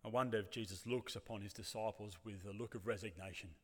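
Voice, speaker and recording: A man's voice: on the low side, steady tone, fast talker, few pauses. A man preaching a sermon, reflective and rhetorical, speaking in a church. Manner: reflective, rhetorical, acts out voices of the congregation. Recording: long reverb of a church hall.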